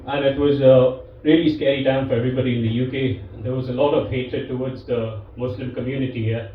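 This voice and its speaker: A man's voice: medium pitch, fairly even intonation, fairly quick. A man telling stand-up stories in an easygoing, self-mocking way, picked up from far off in a very echoey live room. The sound is a bit dull and muffled, with faint background noise and audience laughter. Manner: laid-back, self-deprecating with frequent fillers. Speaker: stand-up comedian. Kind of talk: stand-up storytelling.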